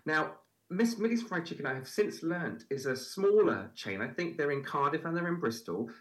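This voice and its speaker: A man tells food anecdotes as a podcast guest, his pitch swinging widely as he talks. He is chatty and warm in delivery, with frequent ums and restarts. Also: moderate pace. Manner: chatty storyteller, lively, hesitant fillers. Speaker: guest, food festival presenter. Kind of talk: casual interview chat.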